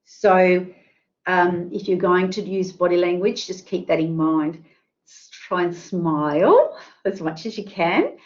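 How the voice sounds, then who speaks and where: A woman's voice: on the low side, animated, unhurried, lo-fi sound. A woman presenting an online careers workshop, chatty and full of fillers, asking the audience questions. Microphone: video call.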